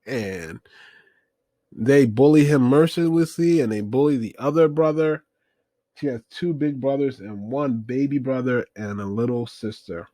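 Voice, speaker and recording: A man's voice: mid-range voice, measured pace, dark tone, no room sound. A man casually recapping an old film, rambling with many fillers and wry asides. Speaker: movie review host.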